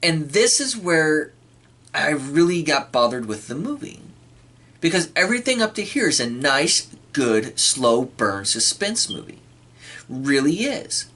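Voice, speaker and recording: A man giving a casual spoken film review, clearing his throat often and acting out quoted lines. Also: fairly high pitch, very animated, unhurried, pushed and bright. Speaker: movie reviewer.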